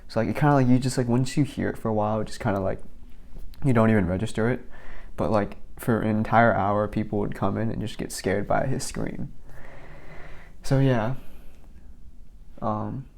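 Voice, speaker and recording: A man's voice: lowish voice, normal speed, vocal fry, pauses often, a little mellow. A young man casually rambling through work stories for his vlog, filling his talk with "like" and restarts. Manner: rambling, filler-heavy, many "like"s. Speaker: vlogger.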